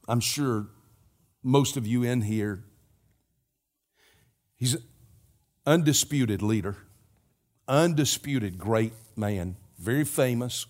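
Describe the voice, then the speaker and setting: Storytelling male preacher. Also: medium pitch. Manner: storytelling preacher, slows and drops to a hush on key lines. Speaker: pastor. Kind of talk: sermon.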